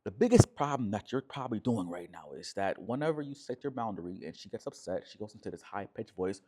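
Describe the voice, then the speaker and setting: Emphatic male relationship coach, low voice. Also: expressive, quick pace, dark tone, slight background noise. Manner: emphatic, repeats "right?" often, acts out quoted voices. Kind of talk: direct-to-camera coaching talk.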